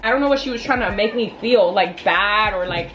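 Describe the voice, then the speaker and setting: A woman in her twenties telling a storytime vlog in a blunt, casual, venting way, with animated asides. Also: mid-range voice, brisk, lo-fi sound, music in the background. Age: 20s. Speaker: vlogger.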